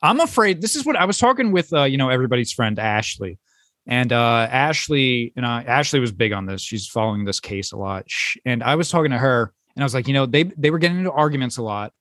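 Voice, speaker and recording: A man's voice: mid-range voice, fast talker, a bit bright, no echo. Chatty, skeptical man. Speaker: podcast co-host. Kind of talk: casual chat.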